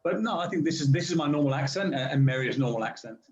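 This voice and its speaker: A man with a standard southern British accent, chatting slowly and carefully with language learners, with frequent restarts. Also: a little high, expressive, a little mellow. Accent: standard southern British English. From England. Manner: speaks slowly and deliberately with many restarts. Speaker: guest speaker in a language-learning video call. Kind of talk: casual conversation. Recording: roomy, muffled video call audio.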